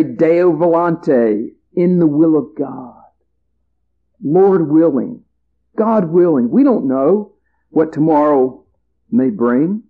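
A man preaching a sermon in a conversational, folksy way, with dramatic pauses on key words. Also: on the high side. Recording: muffled lo-fi.

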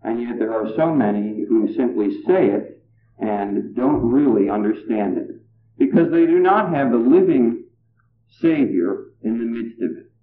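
A man preaching a sermon, explaining a Bible passage in a measured way with emphatic rises. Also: mid-range voice, expressive, a little hiss or hum. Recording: echoey tinny lo-fi recording.

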